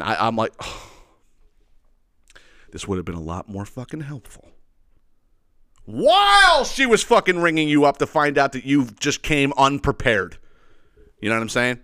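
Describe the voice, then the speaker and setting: A man hosting a podcast, telling a story as a profane, animated rant. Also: medium pitch, normal speed, pauses often, dry recording, studio quality. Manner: profane, animated, repeats "you know what I mean". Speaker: podcast host. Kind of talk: ranting storytelling.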